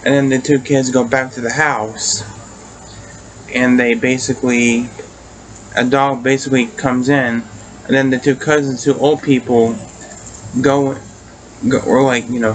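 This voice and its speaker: A man's voice: medium pitch, little pitch movement, a little slow, pauses often, slight background noise, low-quality recording. A man casually recapping and reviewing a TV episode. He rambles, restarts often and swears casually.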